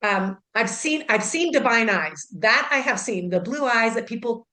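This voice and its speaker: A woman's voice: on the high side, animated, moderate pace, bright, forceful tone. A woman, an intuitive healer who is a guest, telling a personal story in a casual, chatty way, full of "like" and "you know", and acting out the dialogue. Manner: acts out dialogue in her story.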